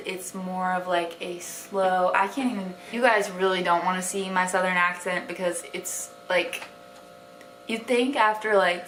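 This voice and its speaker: A woman's voice: on the low side, a bit bright. A young woman from Wisconsin with a light Wisconsin accent, talking casually to camera in a vlog and filling her speech with "like". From Wisconsin, USA. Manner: chatty, heavy use of "like" fillers. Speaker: vlogger. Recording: echoey room with faint hiss.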